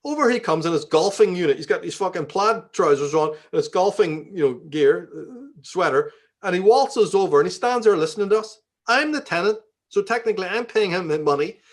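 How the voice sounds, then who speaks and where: A man's voice: high voice, lively intonation, fairly quick. Profane Belfast-accented man telling stories. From Northern Ireland. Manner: profane, acts out quoted dialogue. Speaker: interview guest. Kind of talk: conversational storytelling.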